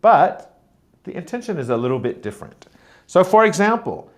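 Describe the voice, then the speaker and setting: A man teaching a pronunciation lesson, speaking deliberately and modeling words and sentences aloud to show stress. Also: fairly high pitch, wildly swooping pitch. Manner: slow, deliberate, demonstrating stress patterns aloud. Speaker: teacher trainer.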